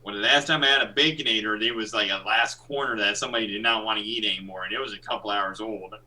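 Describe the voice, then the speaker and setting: Man, tabletop player, excitable, loud, very bright forceful tone. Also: on the low side, quick pace, rough recording. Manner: loud, excitable, gets louder when excited. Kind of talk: in-character tabletop play.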